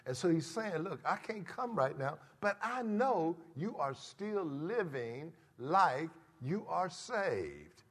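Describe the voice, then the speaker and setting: Emphatic preacher with a wildly swinging voice. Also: male voice, a little high, very animated, takes it slowly, few pauses, husky, in a large hall. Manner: emphatic, swings from shouts to quiet asides. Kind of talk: sermon.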